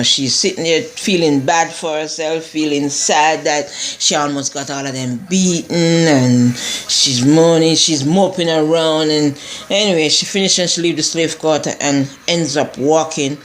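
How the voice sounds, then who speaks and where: A woman casually recapping a TV episode, rambling and digressive with many restarts and asides. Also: low-pitched. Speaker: TV show reviewer.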